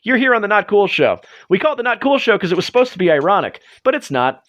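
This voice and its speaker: A man's voice: high voice, sing-song, fast, a bit bright. A man hosting a livestream, chatting casually in a rambling, self-deprecating way. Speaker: livestream host. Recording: dull lo-fi stream audio.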